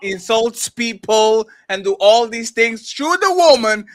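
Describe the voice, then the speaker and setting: Higher-pitched male co-host, animated, rhetorical, casual. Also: unhurried. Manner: animated, laughing, repeats rhetorical questions. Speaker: podcast co-host. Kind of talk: casual discussion.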